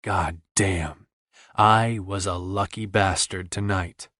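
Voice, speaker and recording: A man's voice: low-pitched, fairly even intonation, slow pace, a bit bright, no echo, studio quality. A man reading a romance novel aloud in first person, intimate and earnest. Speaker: audiobook narrator.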